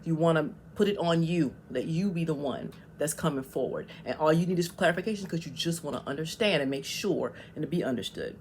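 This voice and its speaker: A woman's voice: deep voice, animated, brisk, hardly any pauses, a little mellow, a little hiss or hum. A woman vlogger giving casual, emphatic advice on communication, often checking in with "okay?".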